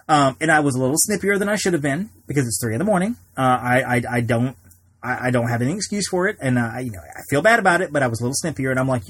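A man's voice: medium pitch, animated, fast, slightly rough. A man hosting a podcast, telling a long personal story in a casual, rambling way with many restarts. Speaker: podcast host.

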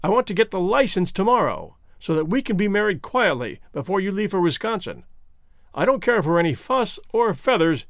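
A man's voice: sits high, sing-song, a little fast, dry recording. A man voicing a scheming wealthy man who talks bluntly and cynically, in a dry close recording.

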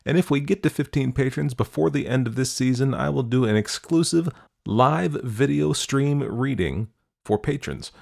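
A man hosting a podcast, reading stories aloud in calm, measured scripted narration. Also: medium pitch, gravelly. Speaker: podcast host and story narrator.

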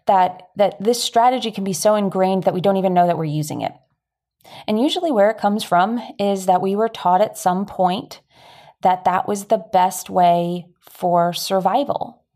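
A woman's voice: medium pitch, warm tone. A woman, telling a personal story in a candid, chatty, self-deprecating way as a talk host.

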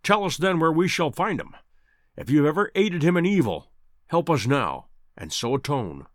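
Sherlock Holmes, read by a man, brisk and commanding. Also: fairly high pitch, sing-song, no echo, clean studio sound. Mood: stern. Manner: decisive, commanding. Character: brisk, commanding male detective. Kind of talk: audiobook character voice.

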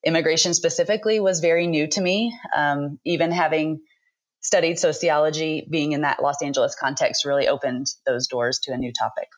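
A woman in her thirties, a book author speaking as a podcast guest, talking thoughtfully with frequent pauses. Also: low-pitched, fairly even intonation. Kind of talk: conversational interview.

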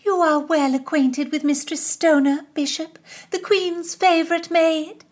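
Lady doing a squeaky gushy princess, flirty and haughty, storybook reading. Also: unhurried. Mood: gushing. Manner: gushing, flattering.

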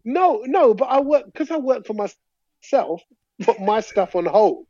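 A man co-hosting a podcast from home, chatting casually and telling animated, slangy stories while laughing through his words. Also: very high voice, unhurried, dry recording. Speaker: podcast co-host. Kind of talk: casual chat. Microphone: talking into a phone over a video chat. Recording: muffled phone-mic audio.

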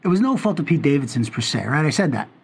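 High-voiced middle-aged guy, ranting on a podcast, goes off on tangents. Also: quick pace, vocal fry, a little hiss or hum. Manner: ranting, animated, tangent-prone. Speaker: podcast co-host. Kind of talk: casual podcast chat.

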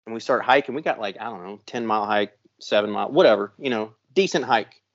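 A man hosting a podcast, telling a long story in a casual, profane, animated way. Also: on the low side, fast talker, lo-fi sound. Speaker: podcast host.

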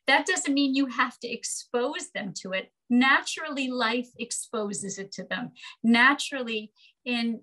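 A woman's voice: fairly high pitch, a bit bright, low-quality recording. Woman explaining parenting as an expert guest. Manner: explanatory, emphatic, tags points with "right?". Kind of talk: interview answer, explaining.

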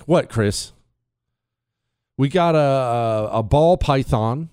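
A man hosting a talk radio show, telling stories in a casual, animated way and laughing at his own jokes. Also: medium pitch, takes it slowly, long pauses, clear, resonant tone, no echo, studio quality. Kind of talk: casual storytelling monologue. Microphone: studio mic.

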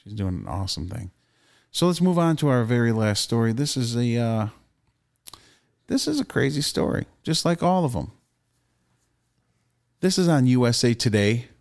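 A man's voice: mid-range voice, animated, normal speed, vocal fry, long pauses, darkish tone. A man co-hosting a casual podcast, talking in a loose, opinionated and profane way. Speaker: podcast co-host.

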